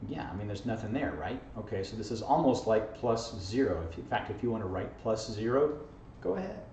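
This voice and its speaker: A man with a voice on the low side, sing-song, darkish and fairly quick, teaches algebra in an informal video lesson. He's jokey and playful, peppering his talk with "okay?" and "right?". The classroom recording, made from a distance, is echoey and dull with faint hiss.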